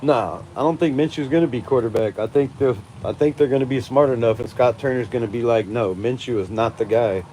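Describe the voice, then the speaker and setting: A fan channel host in his forties streams live outdoors at night in a storm, ranting in a warm, medium-pitched voice at a quick pace with hardly any pauses. He swears heavily, laughs often and speaks emphatically, over a little hiss or hum.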